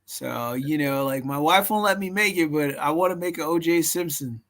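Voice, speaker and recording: A man's voice: on the high side, moderate pace, a bit bright. A man with a Californian accent chatting on a stream, rambling through goofy stories. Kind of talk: casual chat.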